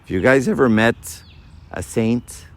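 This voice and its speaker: A man giving a sermon to a live audience, lively and full of rhetorical questions. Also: mid-range voice, unhurried. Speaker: preacher.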